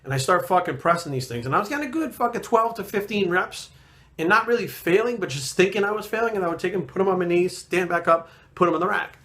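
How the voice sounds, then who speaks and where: A man's voice: high voice, animated, quick pace, fairly bright tone. Aggressive, foul-mouthed man ranting. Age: 30s. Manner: aggressive, swearing constantly, emphatic. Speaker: fitness trainer and vlogger. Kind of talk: profane rant to camera.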